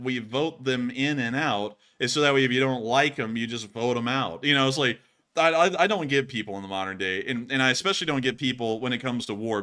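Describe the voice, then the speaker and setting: Stream host guy, bright tone, rambly, lots of uh and laughing. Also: mid-range voice. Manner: rambling, chatty, laughs often, many fillers and restarts. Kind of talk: casual live-stream chat reading donations.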